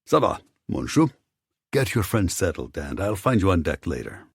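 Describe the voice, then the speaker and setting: A cold, controlled crime boss, put on by a male narrator, speaks with a foreign accent in a calm, measured way. His politeness carries quiet command. The voice is husky and dry. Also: low-pitched, no echo, full character voice. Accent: foreign accent under his English.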